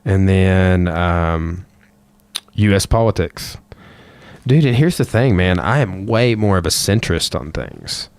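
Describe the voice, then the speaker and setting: Deep-voiced rambling man. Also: lively intonation, slow pace, a little mellow, clean tone, dry recording. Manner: rambling, loose and profane. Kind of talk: casual chat.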